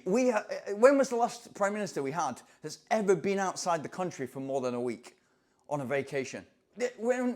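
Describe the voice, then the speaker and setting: A man from England, a running coach telling a story in an animated, excitable way. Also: high-pitched. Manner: animated, excitable, acts out voices in anecdotes. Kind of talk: casual storytelling to camera.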